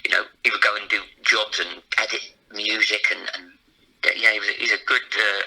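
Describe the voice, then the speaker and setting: A man guesting on a casual chat, telling lively stories and acting out the other people in them. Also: lowish voice, a little fast, slightly rough, poor audio. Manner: lively storyteller, acts out other voices. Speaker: guest, performer.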